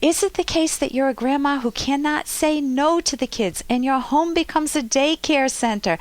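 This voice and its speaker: A woman psychologist and podcast host gives relationship advice and tells lively, detailed stories. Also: high-pitched, no echo. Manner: warm, lively storytelling with vivid detail. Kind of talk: relationship advice talk and storytelling.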